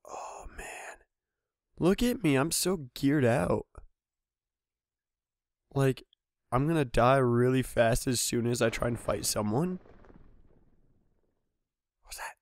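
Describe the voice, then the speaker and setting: A young man talks through his game alone, in a relaxed, drawn-out way full of self-mocking jokes. His voice has a middling pitch and sounds dry and close to the microphone. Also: dry recording. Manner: joking, self-mocking, rambling asides. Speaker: gaming channel host. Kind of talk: solo let's-play commentary.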